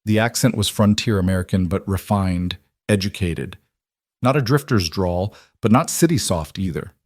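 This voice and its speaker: A man narrating a western story in a steady, dramatic storytelling manner. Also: low-pitched, moderate pace, dry recording.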